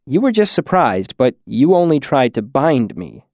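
A man voicing an emotional, devoted young male apprentice who is not human, speaking in a choked, pleading, soft way. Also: mid-range voice, big pitch swings, measured pace, no room sound, clean studio sound. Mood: earnest.

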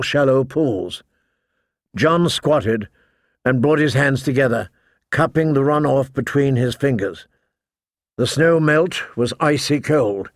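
A man narrating a fantasy audiobook in a measured, deliberate storytelling manner on a close studio mic. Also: mid-range voice, no room sound.

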